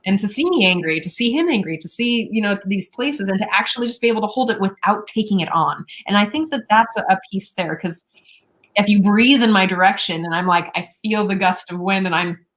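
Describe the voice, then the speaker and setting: A woman's voice: mid-range voice, a little fast, a bit bright, rough recording. A woman hosting an interview show, talking in a chatty way with lots of fillers and personal stories. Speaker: show host. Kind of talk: interview conversation.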